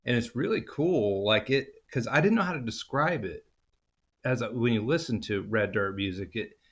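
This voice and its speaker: A man's voice: medium pitch, lively intonation, moderate pace. A man with an Oklahoma accent hosting a podcast, chatty and rambling, often restarting his sentences. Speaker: podcast host. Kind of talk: casual interview chat.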